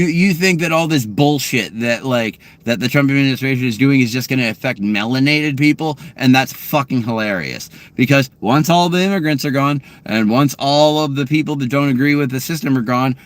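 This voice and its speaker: A man vents angrily in his car, swearing as he responds to live chat questions and shifting between shouted outbursts and quiet muttering.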